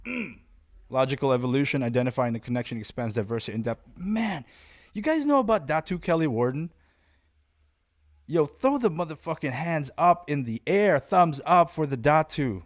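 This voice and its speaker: Hosting a casual podcast monologue, a man who teaches martial arts talks bluntly, swears, rambles, and stays animated. His voice is on the high side, at a moderate pace.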